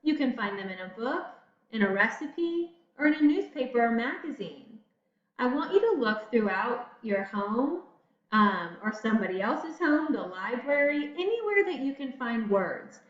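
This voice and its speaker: A woman teacher giving a recorded spelling lesson, talking slowly and encouragingly to young students. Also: fairly high pitch, sing-song. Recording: echoey room, dull lo-fi audio.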